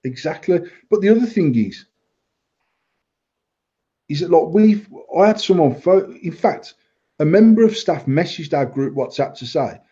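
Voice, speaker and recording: Blunt sweary man, dark husky voice. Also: fairly high pitch, lively intonation, a little slow, long pauses, highs cut off. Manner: blunt, sweary, laughs often. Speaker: vape shop owner and podcast host. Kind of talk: casual podcast chat.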